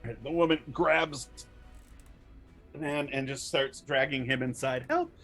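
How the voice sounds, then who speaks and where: A man runs a tabletop game, describing the scene at an unhurried crawl. He pauses often and fills the gaps with ums and uhs. Soft music sits quietly behind his mid-range voice. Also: mid-range voice, steady tone. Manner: slow, hesitant narration with many ums. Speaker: game master.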